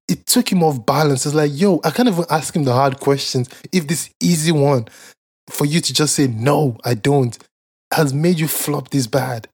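A man's voice: a little high, normal speed, a little mellow, husky. A man co-hosting a podcast, telling stories in casual chat with lots of swearing and fillers. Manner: profane, rambling storytelling with frequent fillers and laughs. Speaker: podcast co-host.

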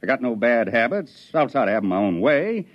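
Blunt Venusian settler, cocky, drawling, animated pitch, 1950s radio drama, muffled old broadcast. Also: male voice, a little fast. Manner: plainspoken, drawling, sure of himself.

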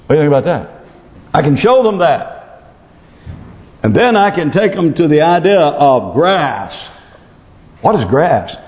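A man preaching a sermon as pastor, his voice swooping up on emphasis and dropping low when he reads scripture. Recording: echoey hall, dull lo-fi sound.

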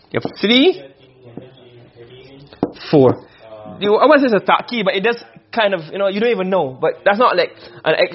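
A man's voice: sits high, husky. A man teaching a classroom lesson on Quranic rhetoric, asking questions and answering them himself. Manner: asks and answers his own questions. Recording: dull lo-fi recording.

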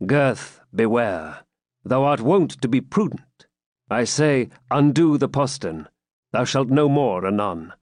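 A man voicing a grave young pilgrim who speaks with quiet authority in old-fashioned words. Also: mid-range voice, lively intonation, slow, no echo, clean studio sound. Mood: urgent. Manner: grave, commanding, archaic speech. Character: stern commanding male pilgrim, young warrior.

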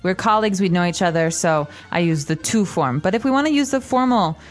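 A woman's voice: lowish voice, expressive, fairly quick, soft background music. A woman co-hosting a language podcast, patiently explaining Italian grammar to learners.

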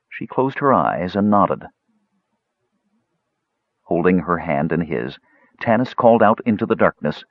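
Lively low-voiced male audiobook narrator. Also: a little slow, long pauses, dry recording, muffled recording. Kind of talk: scripted fantasy narration.

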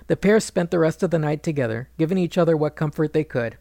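Gravelly male epic storyteller. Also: a little high, fast talker, few pauses, dark tone, no room sound, studio quality. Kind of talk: retelling an ancient epic.

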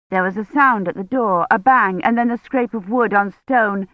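A woman narrating an audiobook in a measured, tense storytelling manner. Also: mid-range voice, no room sound, muffled recording. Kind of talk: scripted narration.

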